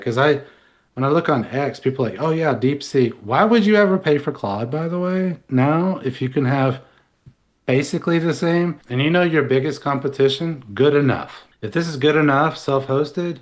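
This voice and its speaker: A man co-hosting a podcast, talking in a loose, rambling way with restarts and asides. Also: mid-range voice. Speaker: podcast co-host. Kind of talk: casual analytical chat.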